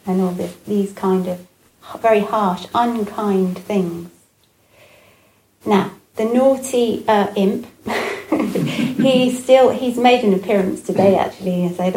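A woman giving a Buddhist dharma talk, gentle and reflective, with frequent pauses and fillers. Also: mid-range voice, a little hiss or hum. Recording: echoey room with faint ambience.

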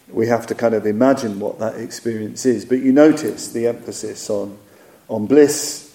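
A man giving a dharma talk, reflective and measured, often pausing on fillers while he searches for words. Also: on the low side, dark tone. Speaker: Buddhist teacher. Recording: echoey hall.

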